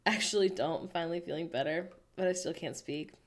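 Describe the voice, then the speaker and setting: An American woman hosting a casual livestream, chatting playfully and reading viewers' messages aloud with animated, self-mocking humor. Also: on the low side, fairly quick. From United States. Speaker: livestream host reading chat. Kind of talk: casual chat.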